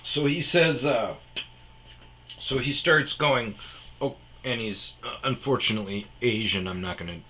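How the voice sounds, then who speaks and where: A podcast host tells a story as a comedic rant. His voice is bright and forceful, and he keeps getting more worked up and swearing. His delivery stays animated and exasperated. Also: medium pitch, unhurried, a little hiss or hum. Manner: heated, profane, animated retelling.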